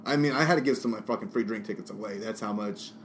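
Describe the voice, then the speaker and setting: This man co-hosts a casual podcast, drinking as he spins rambling, profane tales at a very fast pace. His voice is lowish and the background is noisy.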